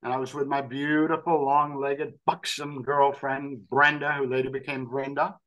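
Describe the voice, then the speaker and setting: An older man from New York, telling an animated, self-deprecating story as a podcast guest. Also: medium pitch, moderate pace, few pauses. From New York, USA. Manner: animated, acts out quoted voices, self-deprecating. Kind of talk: storytelling anecdote.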